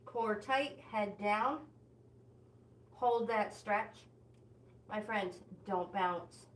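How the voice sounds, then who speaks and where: An older woman hosts a live walking workout and talks at an unhurried, easy pace. She gives friendly coaching cues and greets her viewers one by one by name. Her voice sits at a medium pitch. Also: fairly bright tone, a little hiss or hum. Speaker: fitness instructor and livestream host.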